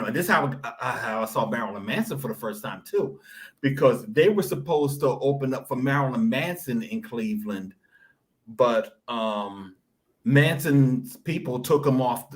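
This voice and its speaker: A man hosting a casual web talk show, reminiscing in an animated, storytelling way full of asides. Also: mid-range voice. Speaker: show host.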